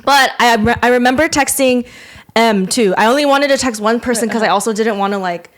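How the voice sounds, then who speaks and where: A woman's voice: on the high side, fairly quick. A young adult woman hosting a podcast, telling a long story in casual chat, full of fillers. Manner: rambling storyteller, filler-heavy with many "like"s. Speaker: podcast host.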